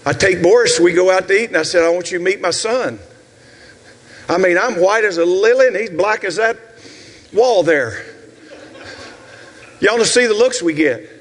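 A man in his sixties with a Southern US accent, preaching a sermon as pastor with shouted, rhythmic repetitions and asides to the congregation. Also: high voice, moderate pace, pauses often, in a large hall. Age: 60s. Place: church sanctuary.

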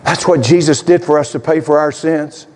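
A male pastor preaching a sermon, telling a story dramatically and swinging between loud and hushed delivery. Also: fairly high pitch, steady tone, moderate pace, big-room sound.

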